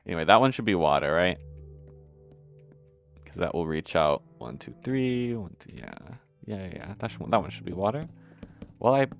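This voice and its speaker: A young man with a low, deep voice talks his way through a building game, rambling and correcting himself as he goes. He swears casually and hiccups between lines. Soft music plays faintly underneath. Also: lively intonation, normal speed, creaky, long pauses. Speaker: gameplay video host. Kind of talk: casual gameplay commentary.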